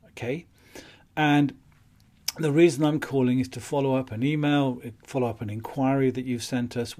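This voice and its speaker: A man teaching phone appointment-setting in a calm, matter-of-fact way, with light chuckles. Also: mid-range voice. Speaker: business skills trainer. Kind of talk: instructional talk on phone sales.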